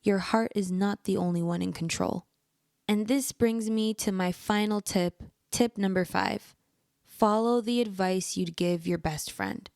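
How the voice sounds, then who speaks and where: A woman's voice: mid-range voice, a little slow, gravelly, darkish tone, dry recording. Earnest woman giving advice, dry sound. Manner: earnest, encouraging, speaks directly to the listener. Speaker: podcast host. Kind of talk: personal advice monologue.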